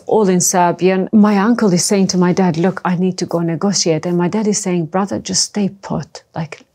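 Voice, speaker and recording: A middle-aged woman from the former Yugoslavia, recounting her past in a halting, emotional personal testimony. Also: lowish voice, darkish tone. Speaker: interview guest.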